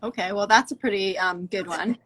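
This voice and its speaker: A woman stylist hosting a live stream over her phone, chatting in an excitable, gushing way. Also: medium pitch, fairly quick. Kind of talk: casual chat.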